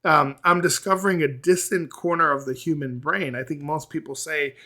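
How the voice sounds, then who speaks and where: A man hosting a music reaction video, talking casually and reacting with quick excitement between plays of the track. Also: a little high.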